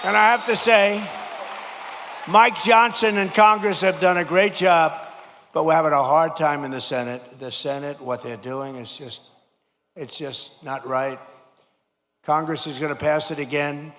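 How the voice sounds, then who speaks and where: Older man, gravelly rally speech. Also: on the high side, steady tone, a little slow, some chatter behind, slight background noise. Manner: emphatic, repetitive, rising to shouted slogans. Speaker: politician addressing a rally. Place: large rally venue. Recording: long reverb of a large venue.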